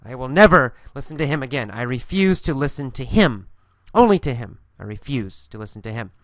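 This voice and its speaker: A man's voice: medium pitch, very animated, no echo. Patient man teaching English, dry mic. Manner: slow, patient, repeats key phrases and answers his own questions. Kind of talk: English listening lesson with questions and answers.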